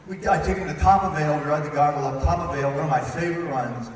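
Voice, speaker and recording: Speaking a little high and in rapid-fire bursts, the fifty-something father of the bride delivers a teasing, playful comic speech, acting out voices in his stories. The recording picks up hall echo and room noise from a distant mic at the large reception.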